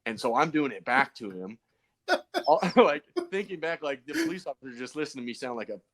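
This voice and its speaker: A man's voice: mid-range voice, big pitch swings, fairly quick, fairly bright tone, slight background noise. A man, a pro BMX racer guest on a podcast, telling stories in a loose, rambling way full of fillers and restarts. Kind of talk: casual podcast storytelling.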